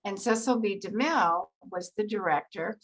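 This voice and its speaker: An older actress, a guest on a video call, telling stories from her career in an animated, anecdotal way. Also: medium pitch, normal speed, rough recording. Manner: animated anecdotal storytelling with laughs. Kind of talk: storytelling in an interview.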